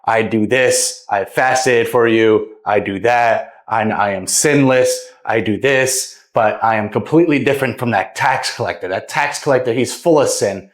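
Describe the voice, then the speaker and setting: A man's voice: medium pitch, normal speed, hardly any pauses, echoey room, natural voice. A man voicing a boastful, self-righteous Pharisee who keeps repeating "I" while praying aloud. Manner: smug, repeats "I" over and over.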